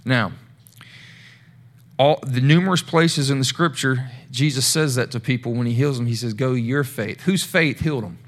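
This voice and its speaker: A man's voice: medium pitch, moderate pace. A male pastor giving a casual, conversational sermon, talking straight to the congregation with chatty asides.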